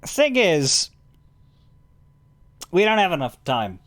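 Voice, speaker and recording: A man's voice: sits high, big pitch swings, slow, fairly bright tone. A man streaming a game, chatting casually in a rambling way, stammering and chuckling as he talks to his chat.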